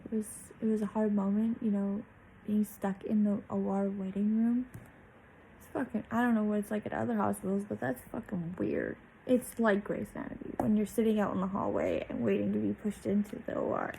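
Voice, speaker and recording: A woman's voice: mid-range voice, gravelly, warm tone, slight background noise, low-quality recording. A young woman vlogger telling a personal story in a candid, chatty way, swearing freely.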